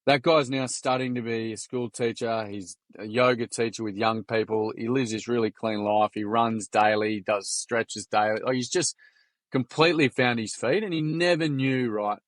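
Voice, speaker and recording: A man's voice: medium pitch, fairly even intonation, normal speed, dry recording. An Australian man, a podcast guest, telling stories in a frank, earnest way with casual swearing. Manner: frank, earnest, salty storyteller. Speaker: podcast guest, youth workshop founder. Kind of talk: casual storytelling.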